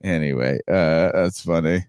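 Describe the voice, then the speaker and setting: A man's voice: low-pitched, unhurried, darkish tone, clear, resonant tone, no room sound, clean studio sound. A man hosting a sports podcast, chatting casually and telling stories with laughs. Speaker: podcast host. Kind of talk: casual chat.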